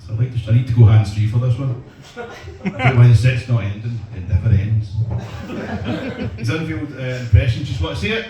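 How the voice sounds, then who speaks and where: A man's voice: medium pitch, brisk, highs cut off. A Scottish man doing a crude, self-deprecating stand-up set in a comedy club, bantering with the crowd. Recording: echoey club from far off, loud noise.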